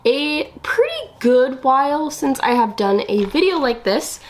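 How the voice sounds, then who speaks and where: A woman's voice: high voice, expressive, a little slow, a little hiss or hum. A young woman getting over a cold, chatting casually through a makeup vlog with a cough drop in her mouth, full of "um" and "like". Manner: chatty, lots of "um" and "like". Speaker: beauty vlogger. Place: small temporary filming room indoors.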